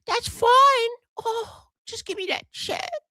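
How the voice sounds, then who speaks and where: A man's voice: slow, sharp tone, no echo, exaggerated voice. A man putting on a whiny, groveling office worker. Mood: simpering. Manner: whiny, mocking falsetto caricature.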